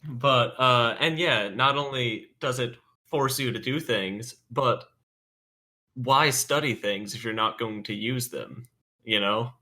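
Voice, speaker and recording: A man co-hosting a casual art podcast, talking in an animated way. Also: medium pitch, slow pace. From United States. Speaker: podcast co-host, artist. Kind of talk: casual chat.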